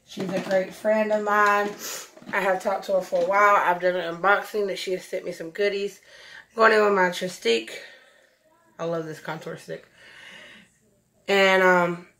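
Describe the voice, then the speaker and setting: A woman's voice: mid-range voice, fairly bright tone. Effusive woman chatting about makeup. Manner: chatty, effusive, says y'all a lot. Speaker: beauty vlogger. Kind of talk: casual makeup tutorial chat.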